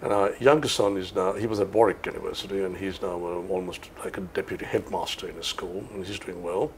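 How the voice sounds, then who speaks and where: An older man from Sri Lanka, a veteran cricket commentator reminiscing in an interview in an unhurried, anecdotal way. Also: sits low, fairly even intonation, slight background noise.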